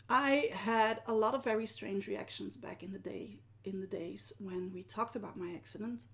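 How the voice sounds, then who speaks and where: A woman, a live-streaming art journaling teacher who often sinks into a soft whisper and laughs at herself. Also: medium pitch. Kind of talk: live-stream talk to viewers.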